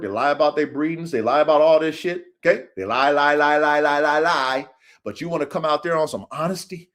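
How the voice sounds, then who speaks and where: A man with a high-pitched voice delivers a rough, profane motivational rant as a podcast host. He drops to low mutters, then climbs into shouts, preaching straight at the listener.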